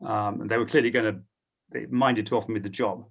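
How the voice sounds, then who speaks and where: A man's voice: fairly low pitch, fairly even intonation, a little fast, creaky, slightly rough. Middle-aged man telling a career story. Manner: storytelling, hesitant with frequent ums. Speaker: panel guest, sports broadcaster. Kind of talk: anecdotal panel talk.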